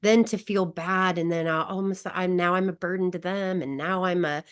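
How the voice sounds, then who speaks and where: A woman's voice: on the low side, fairly even intonation, moderate pace, smooth. A woman guest coach who tells a personal story in an online wellness class, emotional and laughing often. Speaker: grief recovery guest coach.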